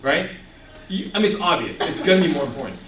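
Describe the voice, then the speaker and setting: A young man giving an animated ministry talk to a young audience, asking the room questions and laughing often. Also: fairly high pitch, fast talker, distant mic, slight background noise. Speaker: ministry speaker. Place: echoey room before a live audience. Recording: echoey room, voice picked up from afar.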